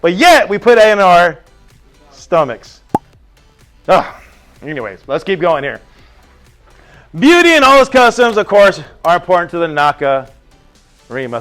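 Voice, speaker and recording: An animated male teacher speaks in a high voice that swoops up and down, telling stories and peppering the class with quick questions. Faint music sits behind him. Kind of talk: classroom lecture.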